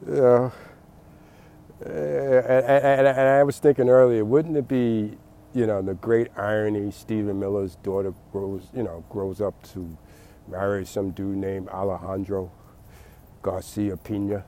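A man's voice: lowish voice, little pitch movement, a little slow, dark tone, slight background noise. A man giving a late-night rambling monologue, repeating words and laughing at his own jokes.

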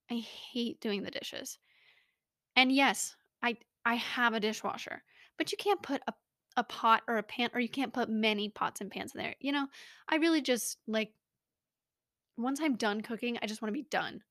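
A young woman hosts a casual podcast, her voice a touch higher than most. She rambles, jokes at her own expense and chats easily. The sound is close and dry, with no room in it. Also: normal speed, a bit bright, no echo. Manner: rambling, self-mocking, bubbly. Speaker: podcast host. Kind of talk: casual chat. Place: small home studio.

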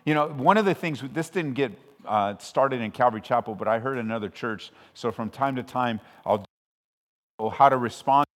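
A man from Southern California preaching a sermon as pastor, conversational with frequent restarts, swelling loud when he quotes scripture. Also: medium pitch, moderate pace. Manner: conversational and self-interrupting, with restarts. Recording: long hall reverb.

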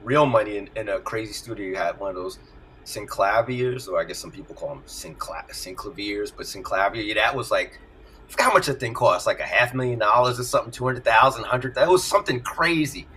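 A middle-aged man, a music producer, telling stories in an animated way and laughing often during a casual interview over a video call. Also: on the low side, fast, a little hiss or hum, low-quality recording. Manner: animated storyteller, laughs often, acts out voices.

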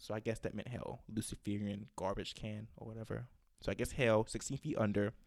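A man hosting a casual chat, telling animated stories and acting out callers' lines. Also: fairly low pitch, fairly quick, vocal fry, no echo, studio quality. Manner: animated storyteller, acts out callers' quotes. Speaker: podcast host.

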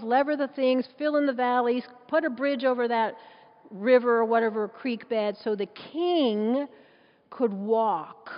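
A woman preaching a sermon in an emphatic, conversational way, full of rhetorical questions, with a dull sound in a large echoing hall. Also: high-pitched.

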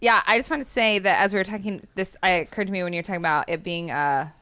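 A woman's voice: medium pitch, fast talker, pushed and bright, clean tone, no room sound. A woman co-hosting a casual faith podcast, talking earnestly and in rambling runs. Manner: rambling, earnest, laughs easily. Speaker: podcast co-host.

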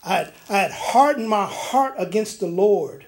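A man preaching a sermon in a church. He moves between loud preaching and quiet personal stories, with many restarts. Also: high-pitched, expressive, moderate pace. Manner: many restarts and fillers when telling stories.

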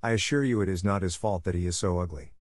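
A man's voice: deep voice, quick pace, no echo, clean studio sound, lightly acted. A man voicing a kind, earnest young woman in a storybook reading. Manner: soft, earnest.

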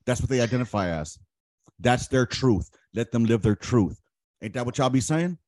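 A man's voice: mid-range voice, expressive, normal speed, a little mellow, no room sound, studio quality. A man hosting a podcast, chatting casually in a blunt, profane, questioning way. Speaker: podcast host. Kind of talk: casual chat.

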